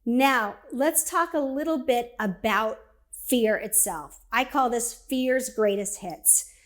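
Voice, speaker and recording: A woman giving a conversational motivational talk, energetic and direct, acting out inner voices as she speaks. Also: a little high, slow. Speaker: speaker and coach.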